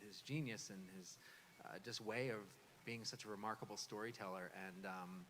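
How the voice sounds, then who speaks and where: A man with a low but bright, forceful voice tells a rambling story on a convention panel, leaning on "you know" and "um". The sound carries through a large echoey hall. Faint noise hangs in the background. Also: normal speed. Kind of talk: casual anecdote.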